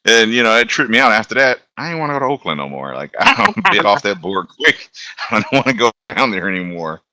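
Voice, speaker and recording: A man's voice: fairly low pitch, sing-song, quick pace, sharp tone, a little hiss or hum. A man, a guest telling laid-back stories on a podcast and laughing often. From Alabama. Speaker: guest, locomotive engineer. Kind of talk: casual storytelling on a podcast.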